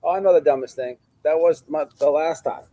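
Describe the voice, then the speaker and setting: A man telling a story in a casual live chat, halting and restarting his sentences. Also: a little high, mellow, no room sound, rough recording. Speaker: co-host.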